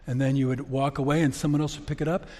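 A man's voice: mid-range voice, flat delivery, quick pace, mellow. A middle-aged man preaching a sermon as pastor, in a conversational storytelling way. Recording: long reverb of a church hall.

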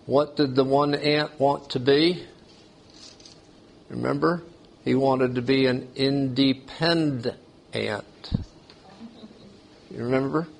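A man's voice: medium pitch, steady tone, slow pace, creaky, pauses often. A man preaching a sermon, asking the congregation questions as he goes. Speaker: pastor.

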